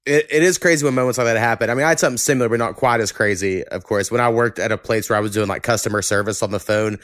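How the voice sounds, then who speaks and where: Oklahoma dude hosting a podcast, light twang, chill and cussing, dry close sound. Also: male voice, fairly low pitch, very fast, no echo. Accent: Southern Oklahoma, mild. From Oklahoma, USA. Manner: relaxed, swears casually. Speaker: podcast host. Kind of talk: casual chat.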